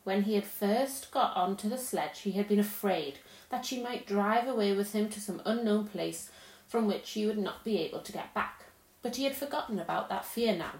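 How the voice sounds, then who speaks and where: A woman's voice: medium pitch, normal speed, a little mellow. Woman reading a children's story. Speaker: narrator. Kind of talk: reading a children's novel aloud. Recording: roomy echo.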